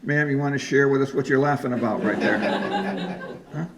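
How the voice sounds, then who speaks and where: A man's voice: medium pitch, a little fast, a loud crowd. A man telling folk stories and leading a live sing-along in a library event room. He talks in a chatty, joking way and coaxes the audience to join in. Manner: jokey, chatty, coaxing the audience. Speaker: folk singer and storyteller. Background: guitar.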